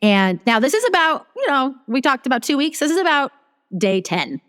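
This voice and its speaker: This woman's voice sits high and moves at normal speed, resonating in a large hall. She's a guest business strategist on a casual interview, recounting her story animatedly while acting out her thoughts.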